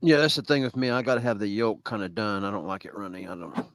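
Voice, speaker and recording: A laid-back man co-hosts a live stream. He talks quickly and laughs often, at a middle pitch. The recording is dry, with no room sound. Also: lively intonation, no room sound. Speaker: co-host. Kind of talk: casual chat.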